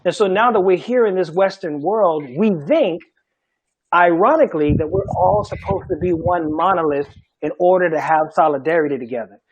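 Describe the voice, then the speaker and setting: Animated high-voiced man from Charleston. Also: normal speed, breathy edge, highs cut off. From Charleston, South Carolina. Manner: animated, emphatic, laughs often. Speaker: Gullah language teacher. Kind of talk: panel talk.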